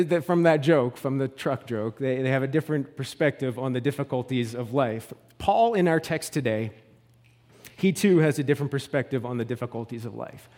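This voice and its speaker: A man preaching a sermon in a conversational way, dropping low and slow for emphasis. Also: a little mellow, big-room sound. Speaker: pastor.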